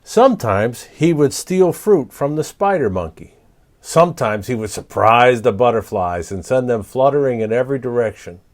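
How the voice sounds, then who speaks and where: A man reading a picture book aloud to children, speaking gently and pausing to ask the young listeners questions. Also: mid-range voice, expressive. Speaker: storyteller.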